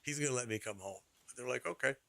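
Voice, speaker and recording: Man, middle-aged, gravelly, dry close sound, casual rambling storytelling on stream. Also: mid-range voice, quick pace, a bit bright, no echo. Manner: rambling, repeats phrases, laughs through the story.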